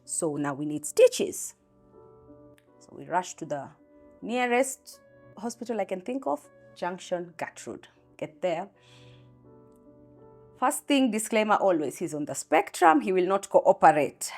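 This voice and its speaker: A woman's voice: mid-range voice, sing-song, a little slow, pauses often, darkish tone, faint music behind. A young Kenyan mother telling a raw, candid personal story about a hard day.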